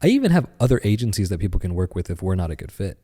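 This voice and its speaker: A man in his thirties, a podcast guest, telling a story in casual chat with lively animation. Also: low-pitched, racing, breathy edge, big-room sound.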